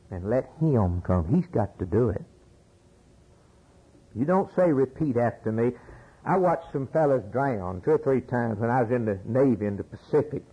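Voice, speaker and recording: An older American man preaching a sermon, now calm and low, then rising to loud, high exclamations. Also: normal speed, husky, low-quality recording. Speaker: pastor.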